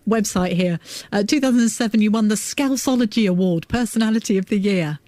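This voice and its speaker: A woman interviewer asking friendly, quick questions in a casual chat. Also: medium pitch, dark tone, no room sound.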